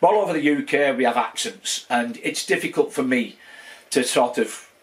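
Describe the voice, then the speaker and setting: A man's voice: medium pitch, moderate pace. Sixty-something man with a Wigan accent. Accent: Wigan, northern English. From northwest England. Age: 60s. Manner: rambling, with many fillers and restarts. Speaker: channel host. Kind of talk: casual channel update.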